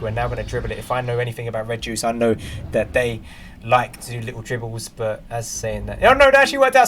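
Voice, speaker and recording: A man commentating an esports match play-by-play, close on the mic, with music playing behind him. His voice sits in a middling pitch, and he breaks into loud excited bursts on the big plays. Between calls he chats casually to the viewers. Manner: chatty asides to viewers.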